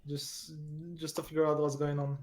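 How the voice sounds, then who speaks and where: A tabletop game player in a middle-pitched voice. They stop and restart often while working out their character's moves. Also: completely flat delivery, a little mellow, slight background noise. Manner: halting, many restarts.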